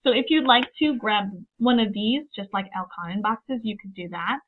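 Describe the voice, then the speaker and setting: A woman's voice: mid-range voice, lively intonation, normal speed, a little hiss or hum. A woman teacher giving an upbeat, step-by-step video lesson, acting out her student dialogues as she goes. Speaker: teacher trainer. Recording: narrow phone-like sound.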